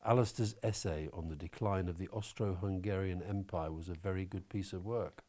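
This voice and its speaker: A man talking as an interview guest, opinionated and animated, swearing now and then. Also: deep voice, moderate pace. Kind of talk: conversational interview.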